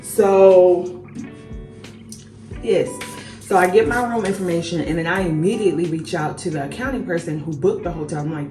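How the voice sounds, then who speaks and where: Young woman beauty vlogger, casual storytime, swears and says y'all; slightly low voice, roomy echo and faint music underneath. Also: moderate pace, recorded from a distance. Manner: animated, swears freely, addresses viewers as y'all. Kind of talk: casual storytime while doing makeup.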